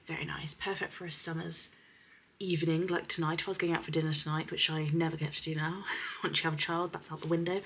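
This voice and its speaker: A young woman from the UK, a beauty vlogger, chatting casually to camera about perfumes, giggly and dropping into soft whispers. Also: low voice, a little hiss or hum. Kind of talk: casual fragrance review to camera.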